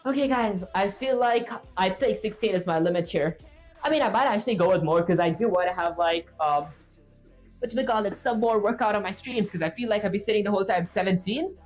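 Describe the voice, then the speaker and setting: Live-streaming her coding session, a woman chats loosely with viewers in a mid-range voice that's a little fast and darkish in tone. She rambles, thinks aloud, and searches for words with fillers and self-talk. There's soft music in the background, and the audio comes from a streaming setup with a webcam.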